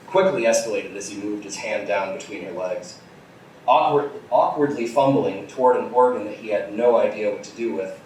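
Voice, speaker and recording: A man reads bawdy fan fiction aloud in a small theater. His delivery stays dry and deadpan between crude jokes. The sound comes from a distance and rings around the room. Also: fairly low pitch, a little hiss or hum. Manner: deadpan storyteller with crude asides. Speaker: comedy reader. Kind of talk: comic live reading of fan fiction. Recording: distant, echoey live theater recording.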